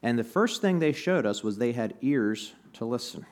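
A man's voice: medium pitch, animated, moderate pace, a little mellow. A man preaching a sermon in a conversational, storytelling way, with bits of humor, to a church audience. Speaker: pastor.

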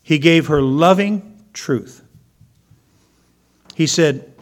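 A male pastor delivers a sermon in a voice pitched a little high. He tells stories and briefly acts out the voices of the people in them. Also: takes it slowly, pauses often. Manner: storytelling, acting out quoted voices.

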